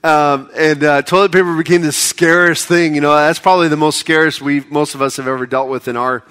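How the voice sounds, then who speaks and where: American pastor guy, bright forceful voice, chatty sermon that gets fired up, a bit high. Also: fairly even intonation, fairly quick, clear, resonant tone. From United States. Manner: conversational preaching, rising to impassioned pleas.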